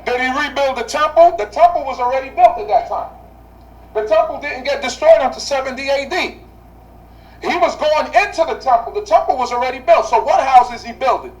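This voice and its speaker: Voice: high-pitched, a little fast, distant mic, low-quality recording. A Bible study teacher speaking to a class, asking rhetorical questions and repeating key phrases for emphasis.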